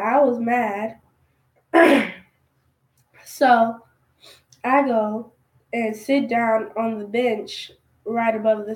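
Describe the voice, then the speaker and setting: Slow-talking young woman, echoey room. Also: a little high. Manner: aggrieved, conversational retelling with quoted dialogue. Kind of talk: storytime vlog.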